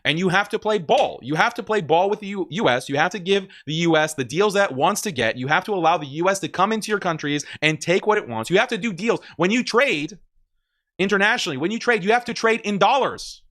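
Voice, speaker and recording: A man talks through clips on a stream in casual, argumentative commentary. He is emphatic and laughs often, with a fairly high voice. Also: expressive, fast talker, a bit bright.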